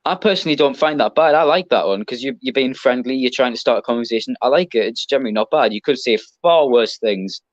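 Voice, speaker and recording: A man's voice: medium pitch, fast, hardly any pauses, no echo, dull audio. A man with an English accent, a podcast guest, chatting casually and rambling with lots of ums and restarts. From Britain. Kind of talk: casual chat.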